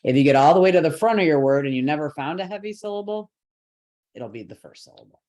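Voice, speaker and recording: A man's voice: a little high, animated, quick pace, darkish tone. Guy teaching a chant class online, patient, goes step by step, laughs a little here and there. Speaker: yoga and mantra teacher. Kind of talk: online lesson.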